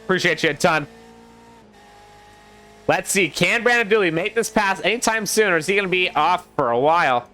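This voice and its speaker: A young man casting a sim racing league live, chatty and excitable, talking to his co-caster and to the chat. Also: high voice, moderate pace, long pauses. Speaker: race caster.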